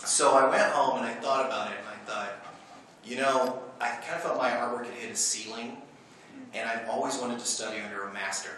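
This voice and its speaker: A man with a bright, forceful voice tells animated stories at a convention panel, laughing often. He sits away from the mic, and the big room rings with echo. A faint hum runs underneath. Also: mid-range voice, a little fast. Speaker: comic artist and voice actor. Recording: echoey hall from far off.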